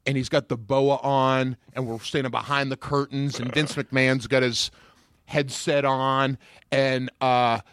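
A man guesting on a podcast, telling animated stories in casual chat and jumping into loud put-on voices. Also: medium pitch, measured pace, slight background noise.

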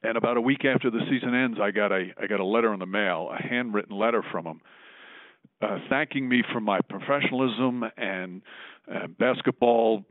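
A man, a veteran sportscaster, recalling a story in a measured, thoughtful way as a podcast guest. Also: fairly low pitch, dry recording. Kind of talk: relaxed interview storytelling. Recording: tinny phone-like line.

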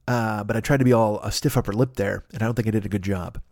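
A man's voice: medium pitch, lively intonation, quick pace, a little mellow, no room sound, clean studio sound. A man hosting a podcast, talking in a rambling, profane, self-mocking comic monologue. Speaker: podcast host.

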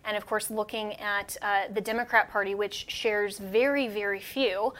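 Woman hosting an interview, mid pitch, measured and a bit hesitant. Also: fairly even intonation, a bit bright. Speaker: host.

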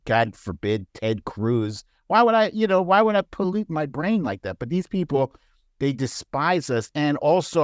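Animated man in casual chat. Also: normal speed, no echo, clean studio sound. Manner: animated, laughs often, jumps into high mocking voices. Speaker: podcast guest.

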